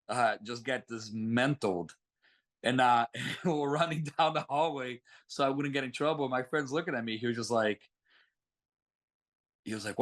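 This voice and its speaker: A young man, a mixed martial arts fighter, telling a story in a casual interview and acting out the quoted lines. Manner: animated, acts out quoted lines with a rising pitch.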